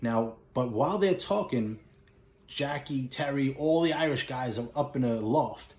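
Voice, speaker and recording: A man talks through a movie's story in an easy, offhand way, middle-pitched and chatty. He gets animated as he goes and jumps up in pitch to act out the characters. His voice carries a roomy echo from the space around him. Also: measured pace. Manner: animated storytelling, acts out lines in a raised voice. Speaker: movie collector and reviewer. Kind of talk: casual plot retelling.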